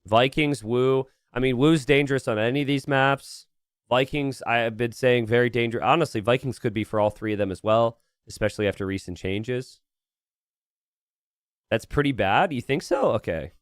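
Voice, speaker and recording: At a moderate pace and in a mid-range voice, a male streamer casts a strategy game in a loose, rambling live commentary. He thinks out loud and answers his chat, and the sound is clean studio audio without any room tone.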